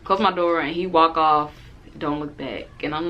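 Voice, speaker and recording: A woman's voice: deep voice, normal speed, highs cut off. A woman in her twenties, a vlogger telling a story casually to the camera and acting out what both people said. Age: 20s. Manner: animated, acts out both sides of the date in quotes.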